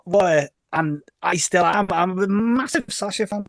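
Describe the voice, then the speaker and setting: A middle-aged Scouse man from Liverpool, England, a DJ and label owner, chats as a podcast guest in a casual interview. His high-pitched voice is gravelly and unhurried, with no room sound. He rambles, corrects himself, often repeats words, and acts out quoted exchanges as a lively storyteller.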